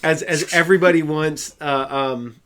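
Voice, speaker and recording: A man's voice: on the high side, steady tone, moderate pace, fairly bright tone, slight background noise. A man co-hosting a casual podcast, talking loosely with lots of fillers and restarts. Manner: rambling, many fillers and restarts. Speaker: podcast co-host. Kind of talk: casual chat.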